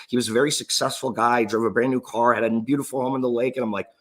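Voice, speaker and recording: A man's voice: medium pitch, fairly even intonation, quick pace, few pauses. A man in his thirties, an entrepreneur, telling his personal story in an earnest, emotional way, often restarting his sentences. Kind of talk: motivational personal story talk.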